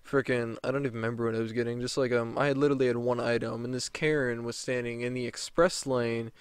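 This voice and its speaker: A man's voice: medium pitch, fairly even intonation, quick pace, clear, resonant tone, no echo. A young man telling a story as a vlogger, rambling, heated and profane. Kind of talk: storytime rant.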